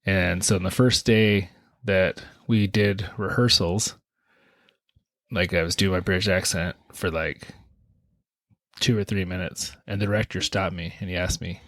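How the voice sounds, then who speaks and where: A man's voice: low-pitched, a little slow, no echo, clean studio sound. A man co-hosting a podcast in casual, joking chat, laughing at his own stories. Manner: relaxed, joking, laughs at himself. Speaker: podcast co-host.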